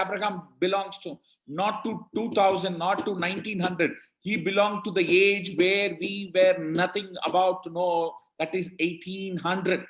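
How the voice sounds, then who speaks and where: A man's voice: sits high, a bit bright, echoey room. A man with an Indian English accent giving a motivational talk, emphatic and rhetorical, quizzing his listeners and calling out who answered right. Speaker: motivational speaker. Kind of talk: motivational talk to an online audience.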